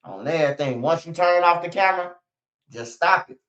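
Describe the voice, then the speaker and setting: A man's voice: on the high side, fairly quick, fairly bright tone. A man hosting a casual livestream, talking loosely and swearing often. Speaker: streamer. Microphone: streaming setup. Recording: slightly dull lo-fi stream audio.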